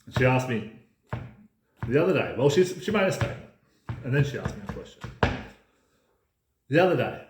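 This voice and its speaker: A man's voice: mid-range voice, big pitch swings, brisk, pauses often, music in the background. A man delivering an emphatic, ranting casual monologue as a podcast host, swearing freely. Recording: roomy echo.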